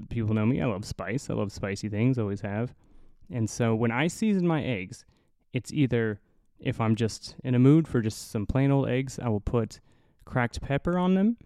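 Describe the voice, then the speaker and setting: A man's voice: mid-range voice, dark tone, no room sound, studio quality. A young man from the Midwest with a nasal Midwestern accent, hosting a solo podcast in a rambling, profane, self-mocking way. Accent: Midwestern American. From American Midwest. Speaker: podcast host. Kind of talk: casual solo podcast monologue.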